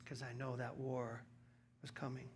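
A male pastor telling a personal story in a sermon, moving from hushed storytelling to loud, emphatic preaching. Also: medium pitch, completely flat delivery, measured pace, noisy background.

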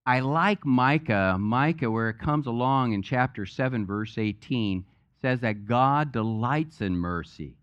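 A male pastor delivers a sermon in a relaxed, chatty way and tells jokes along the way. His voice sits at an ordinary middle pitch. The church recording sounds a little dull and muffled. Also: a little slow, smooth. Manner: conversational, joke-telling preacher. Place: church sanctuary.

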